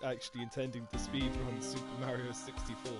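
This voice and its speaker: A man's voice: medium pitch, flat delivery, fairly quick, over loud music. A man in casual chat with friends, explaining ideas earnestly and growing emphatic when challenged. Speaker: gaming chat co-host.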